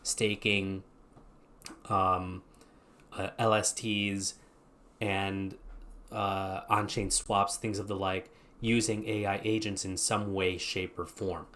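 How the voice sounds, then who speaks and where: A man with a lowish voice talks through a screen-share explainer as the channel's host. He thinks aloud and wanders a little as he goes, keeping it relaxed and conversational. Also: slow. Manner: thinking aloud, loose and meandering.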